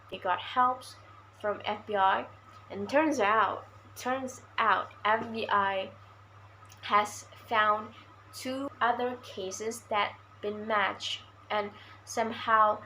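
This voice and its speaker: A woman's voice: mid-range voice, fairly bright tone, slight background noise, poor audio. A young woman from Indonesia with an Indonesian accent, a university student giving a casual book review in English, her second language, hesitant and full of fillers. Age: young adult. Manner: hesitant, with many "so yeah" and "like" fillers.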